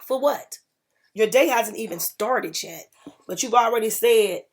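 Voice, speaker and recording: A woman's voice: a little high, measured pace. A woman hosting a faith-based motivational podcast, preaching and repeating key phrases for emphasis. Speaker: podcast host.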